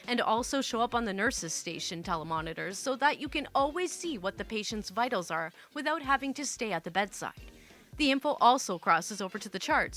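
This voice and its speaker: A woman's voice: fairly high pitch, pushed and bright. A woman hosting a storytime channel, reading online stories aloud and riffing between them casually and profanely, laughing often.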